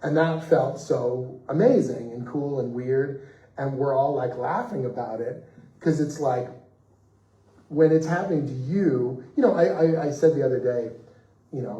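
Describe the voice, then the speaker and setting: A man of middle pitch tells stories on a festival panel, lively and expressive, slipping into the voices of the people he quotes. He sits some way from the mic, and the room around him rings with echo. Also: normal speed, recorded from a distance. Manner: animated, acts out quoted voices, laughs mid-story. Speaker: comics writer on a festival panel. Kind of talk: anecdotal storytelling on a panel.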